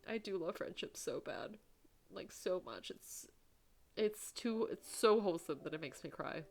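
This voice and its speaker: A woman's voice: on the low side, measured pace. Gushing woman playing a story game. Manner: gushing, excitable, laughing reactions. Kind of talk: let's play commentary.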